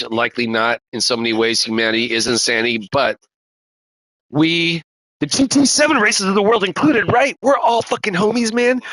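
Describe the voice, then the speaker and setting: A man's voice: medium pitch, pushed and bright, no echo, poor audio. A man streaming a racing game, talking in a laid-back, slangy and profane way and calling everyone dude and man. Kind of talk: casual live-stream chat.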